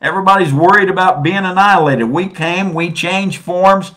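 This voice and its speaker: A man preaching a sermon, swinging between soft and loud and stretching out phrases for emphasis. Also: high-pitched, moderate pace.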